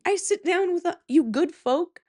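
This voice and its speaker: A young woman from Michigan, USA hosts a casual solo podcast at her desk microphone, her very high voice nasal and stuffy from a cold. She speaks at a moderate pace with a slightly mellow, animated tone, rambling and giggling at herself in a self-mocking way.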